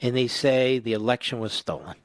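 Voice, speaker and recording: No echo colors the brisk, medium-pitched voice of this talk radio host. On his political commentary show he reads quotes aloud and answers them with sarcastic, indignant remarks that grow into angry shouting.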